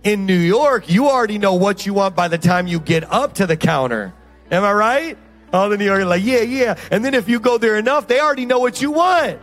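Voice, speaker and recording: Brief: high-pitched male pastor, animated sermon storyteller, faint music underneath. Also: brisk. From Indiana. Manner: animated storytelling, acting out the voices in his stories.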